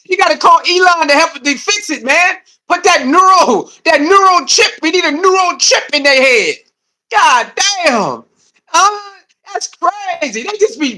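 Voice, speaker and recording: Brief: high, bright-voiced male streamer doing slangy, heated reaction commentary. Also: moderate pace. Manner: animated, repetitive, laughing, slangy; mocking, heated. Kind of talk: casual live-stream commentary.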